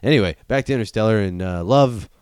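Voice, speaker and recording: A man's voice: fairly low pitch, darkish tone, clear, resonant tone, no room sound, clean studio sound. A man recapping a movie in casual chat, joking, swearing and acting out the characters. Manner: profane, jokey, acts out characters in quick voices.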